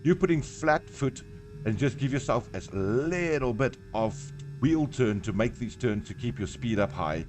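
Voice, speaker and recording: A man's voice: mid-range voice, animated, a little slow, over music. A man from South Africa with a South African accent, giving chatty live commentary on a sim race, talking through each turn and laughing often.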